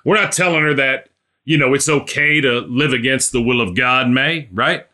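A man's voice: mid-range voice, moderate pace, pushed and bright. A man preaching a sermon, telling a story and building to emphatic exhortation.

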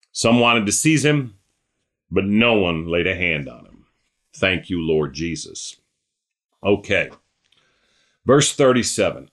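A man's voice: medium pitch, fairly bright tone. A man leading a small Bible study, reading scripture aloud and explaining it in a conversational way, often checking in with his listeners. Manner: talks things through, often checks in with "right?".

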